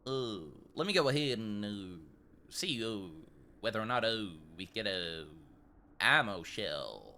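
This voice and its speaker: Fairly low in pitch yet bright and forceful, a man's sing-song, unhurried voice carries slight background noise. Streaming a shop game, he comments casually while playing a polite old-west shopkeeper in a mock regal accent, greeting customers as sir and ma'am.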